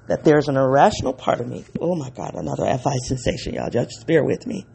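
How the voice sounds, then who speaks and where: A podcast host giving a reflective solo monologue, emotional and halting, often stopping to search for words and correct themselves. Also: mid-range voice, vocal fry, darkish tone, slightly rough.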